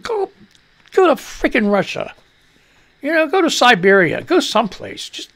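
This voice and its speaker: A man's voice: extremely high pitch, big pitch swings, normal speed, a bit bright. An older man hosting a live-stream news commentary show, ranting bluntly and with profanity, talking back to the clips he plays. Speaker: show host.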